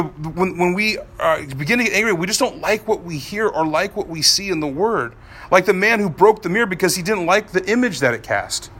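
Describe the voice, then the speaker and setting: Male pastor, thirties, high and bright voice, animated preaching, dips soft then climbs loud. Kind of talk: sermon.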